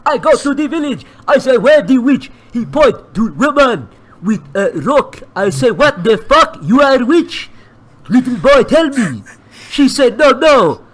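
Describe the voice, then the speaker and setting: A man's voice: extremely high pitch, voice pushed up, full character voice. A man voicing a ranting village man who speaks broken English, with choppy grammar and blunt cursing. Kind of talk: comedic improvised bit.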